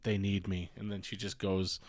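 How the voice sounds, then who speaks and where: A man's voice: low-pitched, level tone, normal speed, no echo, clean studio sound. A young man co-hosting a casual podcast, rambling through crude jokes and laughing often. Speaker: podcast co-host.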